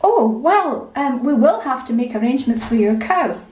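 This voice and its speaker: Excitable young girl, voiced by a woman, high and gushing, roomy echo. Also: normal speed, recorded from a distance. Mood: polite. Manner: gushing, flustered.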